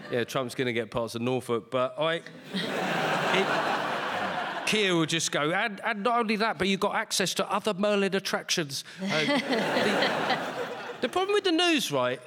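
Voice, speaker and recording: A man on a comedy panel, riffing jokily on the news and mimicking politicians. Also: fairly high pitch. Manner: jokey, mimics politicians with mock-grand voices. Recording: noisy recording with long hall reverb.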